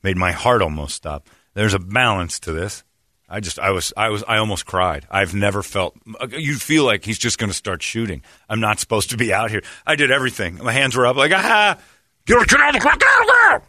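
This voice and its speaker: A man chatting on talk radio, spinning a story with lots of energy and loud acted-out quotes. His voice is bright and forceful. The sound is dry and close to the mic. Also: lowish voice, fairly quick, dry recording. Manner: animated storyteller, acts out quotes loudly. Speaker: radio show host.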